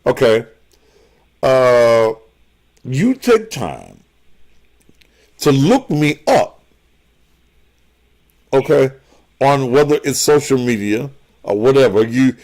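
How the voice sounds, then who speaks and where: A man's voice: mid-range voice, expressive, takes it slowly, long pauses, a little mellow. A man hosting a call-in show as a pastor, combative and profane, lecturing callers.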